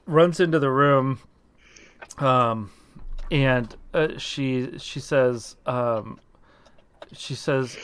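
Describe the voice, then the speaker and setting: A man narrating as game master of a tabletop game, hesitant and full of pauses and restarts. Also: mid-range voice, a bit bright, smooth.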